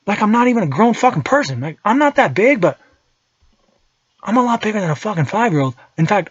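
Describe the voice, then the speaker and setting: Animated, profane man in his thirties. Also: on the high side, breathy edge, no room sound, highs cut off. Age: 30s. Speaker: podcast host and holster maker. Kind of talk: casual monologue.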